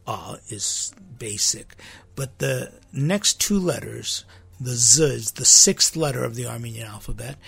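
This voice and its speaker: A man's voice: mid-range voice, expressive, measured pace, gravelly, a bit bright, breathy edge, no room sound. A man, a priest, hosting his podcast in a chatty monologue, often laughing and repeating words.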